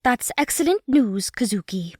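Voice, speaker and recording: Monotone female android, voiced by a man. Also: very high-pitched, moderate pace, no echo, clean studio sound, pitched above the performer's own voice, exaggerated voice. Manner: monotone, matter-of-fact. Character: calm female android, precise and literal. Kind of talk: audiobook character voice.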